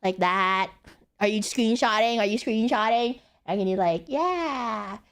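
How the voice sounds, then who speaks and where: A woman's voice: medium pitch, steady tone, normal speed, clean tone. A young woman streaming casually, rambling playfully and laughing often. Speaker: VTuber streamer. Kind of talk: casual live-stream chat.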